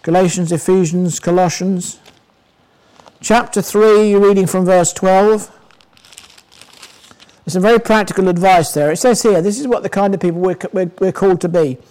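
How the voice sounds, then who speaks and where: An older man from England preaches a sermon in a high voice. He talks to the congregation in a conversational way, puts questions to them, and slows down to dwell on scripture. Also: darkish tone, low-quality recording.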